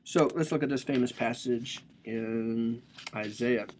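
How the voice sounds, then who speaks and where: A man's voice: mid-range voice, a little slow, darkish tone, slight background noise. A man giving a casual, joking lecture on a religious text, explaining it with slang and asides.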